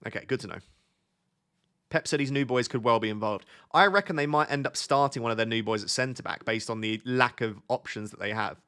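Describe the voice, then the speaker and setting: A man's voice: mid-range voice, brisk, fairly bright tone, smooth. A man chatting casually on a live stream, reading out viewer questions and answering them. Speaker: fantasy football streamer.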